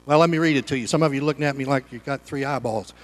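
A man's voice: medium pitch, fast, big-room sound. A man preaching a sermon as pastor, folksy and conversational, with homespun humor.

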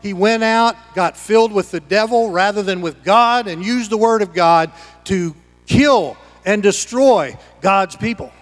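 A man preaching a sermon as pastor, swinging between loud emphatic lines and hushed ones. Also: high voice, measured pace, faint music behind. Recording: long hall reverb.

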